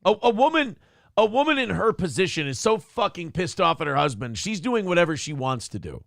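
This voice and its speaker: A man's voice: sits high, very animated, fairly quick, vocal fry, a bit bright, no room sound, studio quality. A man co-hosting a talk show, chatting casually and profanely with sarcastic, mocking asides. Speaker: morning show co-host.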